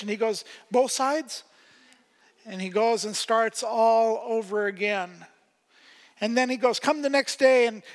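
A male pastor with a very high voice delivers a sermon, telling a story and stumbling over his words with restarts. His voice rings out with the long reverb of a large church hall. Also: a bit bright.

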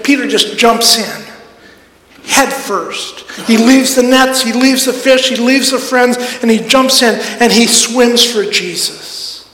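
Pastor guy preaching, pretty high voice, big roomy church echo. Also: a bit bright. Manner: earnest, building to emphatic repeated lines. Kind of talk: sermon. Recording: echoey hall with long reverb.

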